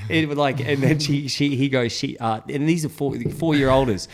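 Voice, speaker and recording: A man's voice: medium pitch, normal speed, slight background noise. A man in his thirties, co-hosting a podcast and telling a rambling, profane story while laughing through it. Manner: swears freely, laughs through his stories. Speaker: podcast co-host. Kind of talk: casual chat, storytelling.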